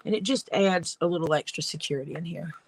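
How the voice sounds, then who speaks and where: A woman's voice: deep voice, fast, a little hiss or hum, low-quality recording. A woman leatherworker rambling through casual stories while she works at her craft. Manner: rambling, storytelling.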